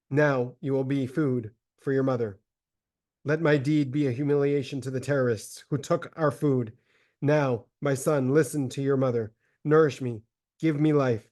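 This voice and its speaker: A man voicing a starving, grief-mad mother in a solemn, measured dramatic reading of a religious text. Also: medium pitch, steady tone, darkish tone, close to an everyday voice. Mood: desperate tender.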